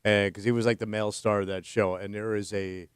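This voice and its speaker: A man's voice: lowish voice, flat delivery, fairly quick, clean tone. Laid-back wisecracking male co-host. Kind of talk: casual radio banter.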